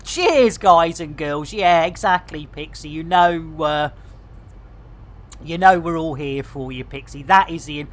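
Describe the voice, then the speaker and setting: A man's voice: fairly high pitch, unhurried, fairly bright tone. A man rambling casually to his chat while streaming a game. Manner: chatty, rambling, jokey.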